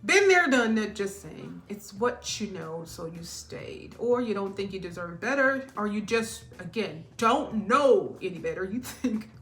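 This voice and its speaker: A woman's voice: medium pitch, big pitch swings, a little slow, few pauses, fairly bright tone, a little hiss or hum. A woman giving a casual tarot reading in a chatty way, laughing often and drifting off topic. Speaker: tarot reader.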